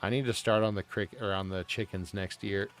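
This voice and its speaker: A man's voice: lowish voice, fairly even intonation, a little fast. A man streaming live, chatting casually in a rambling, profane, joking way over faint music.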